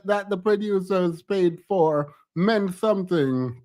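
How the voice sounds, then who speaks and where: A man's voice: sits high, takes it slowly, darkish tone. A man streaming a casual reaction to a reality show, talking in a sassy, emphatic way and laughing often.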